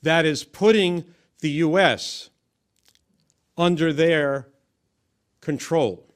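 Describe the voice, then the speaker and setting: A man giving measured, emphatic political commentary, often restarting his phrases. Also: fairly high pitch, clear, resonant tone.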